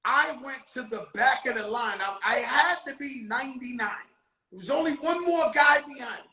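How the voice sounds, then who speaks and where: High, bright-voiced man telling a wild story. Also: moderate pace, echoey room, low-quality recording. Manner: animated, profane, bursts of shouting. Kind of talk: storytelling anecdote.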